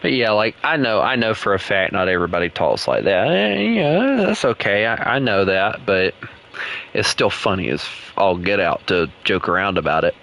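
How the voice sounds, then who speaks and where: A man's voice: deep voice, expressive, normal speed, bright, forceful tone, slight background noise. A young man, chatting casually while streaming a game and rambling through his thoughts with many restarts. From United States. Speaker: gaming streamer. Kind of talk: casual gaming chat.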